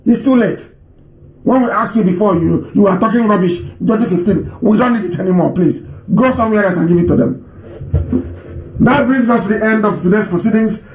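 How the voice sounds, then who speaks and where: A man's voice: high-pitched, a little fast, a little mellow. A man from Nigeria hosting a live radio broadcast and taking calls, speaking emphatically and repeating phrases for stress. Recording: roomy echo.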